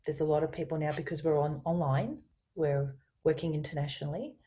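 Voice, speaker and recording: Appearing on a video call for a business interview, the guest describes her coaching concepts a little quickly. Her voice is low, warm, and mellow, and her emphasis is animated and eager.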